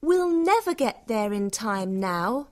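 A man's voice: high-pitched, big pitch swings, slow, pitched above the performer's own voice, full character voice. A man voicing a sarcastic, bitter young woman in an audiobook story for learners. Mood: annoyed. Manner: sarcastic, cutting.

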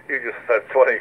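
A man chatting and joking casually with a friend over CB radio. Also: mid-range voice. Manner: jokey, laughing, teasing. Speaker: CB radio operator recording the chat. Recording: tinny radio transmission with faint hiss.

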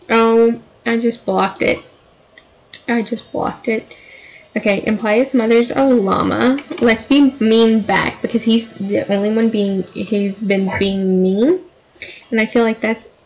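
A woman's voice: medium pitch, a little hiss or hum, rough recording. A woman giving casual, chatty commentary while playing a life-sim game, dramatizing her characters' fights. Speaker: gameplay commentator.

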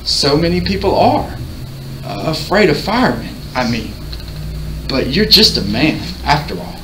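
A man reading aloud, voicing a curious, dreamy seventeen-year-old girl who speaks in a soft, wondering way. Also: a little high, lively intonation, unhurried. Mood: thoughtful. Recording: roomy, distant mic, faint hiss.

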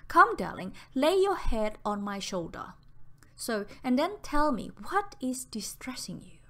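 A woman reading the part of a caring young woman who speaks gently and reassuringly. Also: sits high, very animated, a little slow, voice pushed up, exaggerated voice. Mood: soothing.

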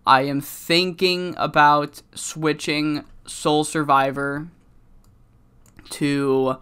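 A man's voice: fairly high pitch, fairly bright tone, smooth. A man commentating on his game in a rambling, profane casual style, his voice cracking from being sick. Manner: rambling, profane, many fillers. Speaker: let's-play commentator.

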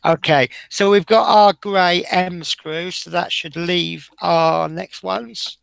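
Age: unknown. Sex: man. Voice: bright, gravelly. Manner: chatty, self-deprecating. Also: high voice, steady tone, slow pace, dry recording. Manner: chatty, self-deprecating, talks through each step. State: tired. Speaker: live-stream model-building host. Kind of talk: casual live-stream commentary.

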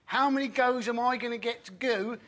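A man's voice: very high voice, fairly quick. A man on a comedy panel show, teasing the others and stumbling over his lines. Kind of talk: comic banter. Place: TV studio with live audience. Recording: loud audience laughter and noise.

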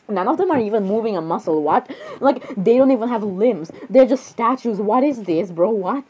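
A woman doing game role-play commentary, giggly and excitable, rambling with frequent fillers and bursts of laughter. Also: a little high, normal speed, slightly rough, poor audio. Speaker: gaming vlogger.

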